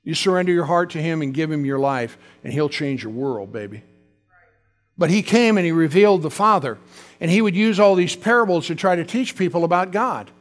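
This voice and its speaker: A man's voice: on the high side, animated, fairly quick, long reverb tail, soft background music. A male pastor preaching a fervent sermon, calling out to his congregation.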